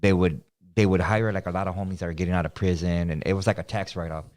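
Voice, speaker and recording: A man's voice: deep voice, fairly even intonation, quick pace, a little mellow. A man in casual chat, telling a story full of profanity and acted-out quotes.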